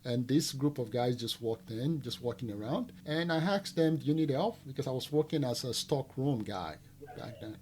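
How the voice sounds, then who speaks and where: A man's voice: medium pitch, lively intonation, normal speed, a little mellow, a little hiss or hum. A man from Nigeria with a Nigerian accent, a podcast guest recounting his past in a casual interview, using many fillers and acting out dialogue. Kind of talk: storytelling interview.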